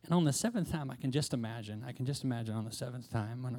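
A man's voice: mid-range voice, fast, mellow. A male preacher retelling a story in a sermon, building to emphatic preaching.

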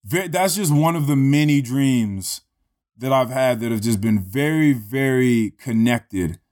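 A man recounts a story in a loose, conversational way, swearing freely and leaning on "like" and "you know". His voice sits at an ordinary middle pitch, and he sounds easygoing. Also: animated, measured pace, a little mellow. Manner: laid-back, profane, many fillers like "you know". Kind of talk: casual storytelling chat.

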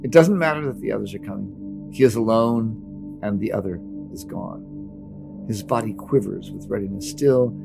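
A man reading a novel aloud as narrator, in a steady, dramatic audiobook delivery. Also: on the low side, normal speed, creaky. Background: music.

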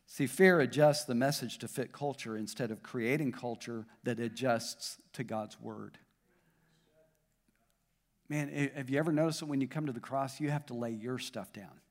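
A man's voice: mid-range voice, moderate pace. A man pastor with a Southern US accent, preaching a sermon to his congregation, building up in intensity and then joking with the crowd. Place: church auditorium. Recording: long hall reverb.

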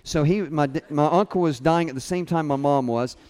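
A man's voice: fairly high pitch, brisk. A man preaching a sermon, telling a personal story and acting out the people in it as he quotes them. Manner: storytelling with lively quoted voices. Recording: long hall reverb.

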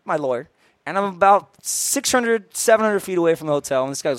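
A man's voice: on the high side, fast, a bit bright, no echo. A young man, a podcast co-host, insistently telling a story to friends in casual chat. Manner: insistent, keeps retelling his story in order.

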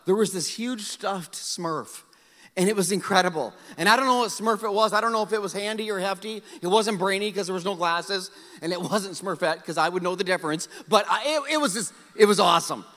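A middle-aged man from South Dakota preaching a storytelling sermon, animated and self-mocking, acting out his own past lines. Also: high voice, fairly quick. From South Dakota, USA. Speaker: pastor. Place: large church auditorium. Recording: hall reverb.

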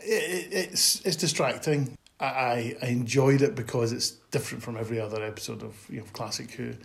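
A man's voice: medium pitch, a little fast, vocal fry. A man co-hosting a podcast in casual chat, hesitant with restarts and wry in tone. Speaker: podcast co-host.

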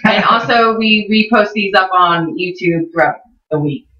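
A woman's voice: medium pitch, normal speed, pushed and bright. A woman co-hosting a podcast, telling a long, profane, rambling story in casual chat. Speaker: podcast co-host. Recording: roomy, distant, dull lo-fi sound.

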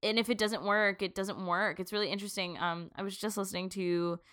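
A young woman co-hosting a podcast in casual chat, animated and swearing freely as she acts out quotes. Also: medium pitch, fairly quick. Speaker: podcast co-host.

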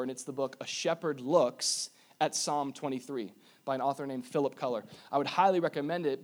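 A man preaching a sermon in an animated way, with jokey asides and emphatic repetitions. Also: medium pitch. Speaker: pastor.

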